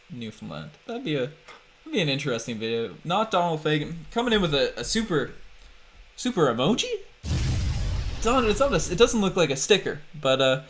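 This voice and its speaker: A man hosting a livestreamed podcast in casual chat, chatty and quick to laugh as he thanks viewers and hypes the channel. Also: a little high, a little hiss or hum. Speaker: podcast host.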